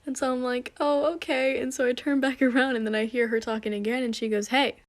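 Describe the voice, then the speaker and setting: A young woman with a slightly high voice chats through an amused story. She acts out the lines of the people she quotes. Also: little pitch movement, brisk. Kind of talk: casual storytime monologue.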